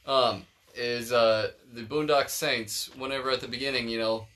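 A man's voice: mid-range voice, fairly even intonation, moderate pace, a bit bright. A young man hosting a casual podcast, rambling and swearing freely as he explains things. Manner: profane, rambling, laid-back. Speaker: podcast host.

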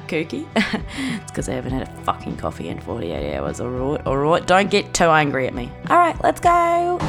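A woman's voice: lowish voice, fairly bright tone. A young Australian woman hosting her own podcast, rambling and giggly in a casual chat, swearing freely. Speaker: podcast host.

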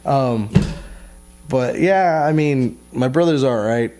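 A man's voice: mid-range voice, slow, warm tone, soft background music. Male vlogger, frustrated rambling storyteller, profane and loose. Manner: profane, frustrated, rambling with many restarts and fillers. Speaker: vlogger telling a family story. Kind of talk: casual rambling monologue. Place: lives in Texas.

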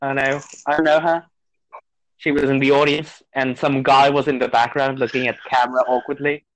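A man's voice: medium pitch, level tone, brisk, a bit bright, low-quality recording. Guy from mexico who sounds british, dry and a bit hesitant, guest on a gaming chat. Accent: British-sounding English.

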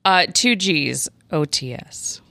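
A woman's voice: low-pitched, very animated, takes it slowly, creaky, pushed and bright, dry recording, clean studio sound. A woman hosting a casual group quiz, calling on each player in turn and reading out the clues. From Iowa. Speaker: quiz host.

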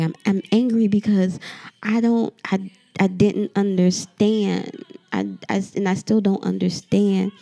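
Talking directly to her audience, a podcast host rants through a fiery, swear-filled monologue on her own show. She has a lowish, mellow voice with vocal fry.

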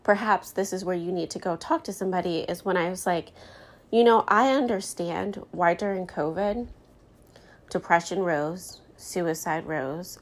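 A woman in her thirties hosting her own podcast, talking candidly with lots of fillers, tired and close to tears. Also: fairly low pitch. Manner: candid, rambling, many fillers like "you know" and "like". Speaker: podcast host. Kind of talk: candid solo podcast talk.

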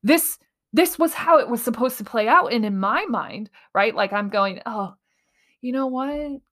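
A woman's voice: fairly high pitch, expressive, normal speed, a bit bright. A woman in her thirties hosting a reflective solo podcast, talking earnestly and animatedly and laughing easily. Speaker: podcast host.

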